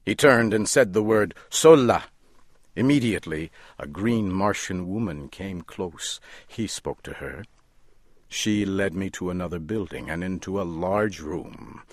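A man narrating a story in a deliberate, measured delivery. His voice sits low and he takes his time over each phrase. The sound is dry and close, with no room echo.

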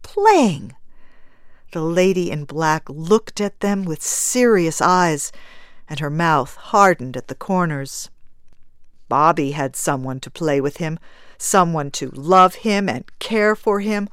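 Slow, low-voiced woman storyteller. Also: a bit bright, clear, resonant tone, no room sound, clean studio sound. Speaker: audiobook narrator. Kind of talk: scripted narration.

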